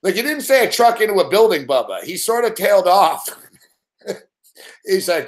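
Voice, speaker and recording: A man's voice: high-pitched, sing-song, moderate pace, pauses often. A man hosting a casual live reaction chat, laughing, swearing and rambling as he talks. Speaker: host.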